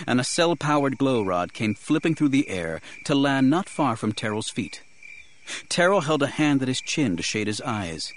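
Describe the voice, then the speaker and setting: A man reads a story aloud as an audiobook narrator. His pitch rises and falls in a lively way, and his telling stays even and measured. A faint hiss sits under the recording. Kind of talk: scripted narration.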